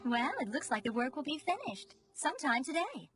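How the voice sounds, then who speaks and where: Brief: an unflappable dorm supervisor, dry manner, lively inflection. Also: female voice, high voice, a little fast, over music. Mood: composed. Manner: composed, dry. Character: calm adult woman dormitory supervisor. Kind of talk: anime English dub.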